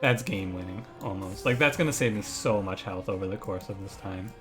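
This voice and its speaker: A man's voice: on the low side, brisk. Man thinking aloud over faint music. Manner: thinks aloud, restarts, gets ranting and exasperated. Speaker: gaming streamer. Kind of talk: casual gameplay commentary.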